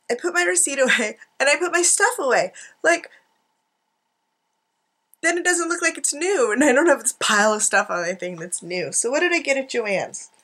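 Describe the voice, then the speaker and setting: A woman's voice: sits high, fairly bright tone. A middle-aged woman chatting and rambling to a camera at her craft desk at home, giggly with self-mocking asides. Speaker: art journaling vlogger. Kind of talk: rambling casual chat to camera.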